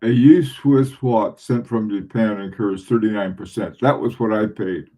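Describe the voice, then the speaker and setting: A man's voice: fairly low pitch, measured pace, warm tone. A middle-aged man from southern New England chatting casually with viewers on a livestream, rambling with frequent restarts and chuckles. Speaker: livestream host.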